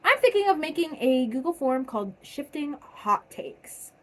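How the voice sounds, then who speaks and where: A young woman vlogger reading viewers' submitted stories aloud in a casual, chatty way, energetic and full of fillers. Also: sits high, normal speed.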